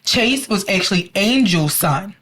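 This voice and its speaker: Woman podcast cohost, mid pitch, chatty movie recap. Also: animated, measured pace, a bit bright, low-quality recording. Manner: chatty plot retelling, acts out quotes. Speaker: podcast co-host. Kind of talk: casual movie review chat.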